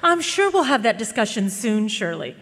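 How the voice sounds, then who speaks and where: A woman's voice: a little high, big pitch swings, moderate pace, fairly bright tone, in a large hall. A woman playing a gracious society matron. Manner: gracious, fond. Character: warm, poised society matron. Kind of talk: radio drama acting.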